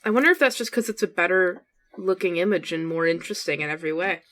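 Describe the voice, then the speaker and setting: Podcast lady cohost, bright voice, teasing jokey chat. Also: fairly low pitch, quick pace. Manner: wry, teasing, giggly. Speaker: podcast co-host. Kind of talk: casual chat.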